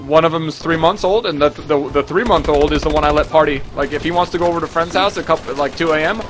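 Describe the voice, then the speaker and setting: A young man hosting a gaming channel, chatting casually and trolling other players in deadpan fashion over a headset, swearing and saying "dude" a lot. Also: a little high, fast, slight background noise. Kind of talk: casual gameplay commentary with prank banter.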